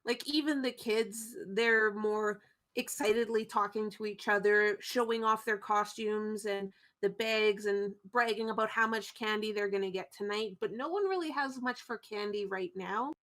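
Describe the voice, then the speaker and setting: A woman's voice: mid-range voice, fairly even intonation, normal speed, fairly bright tone. A woman narrating a tabletop game as game master, loose and chatty with frequent fillers.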